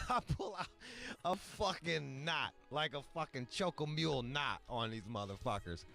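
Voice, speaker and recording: A man's voice: fairly high pitch, animated, measured pace, vocal fry, pushed and bright, soft background music. A man from Michigan telling a long, profane story in casual chat, full of asides and acted-out quotes. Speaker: podcast host.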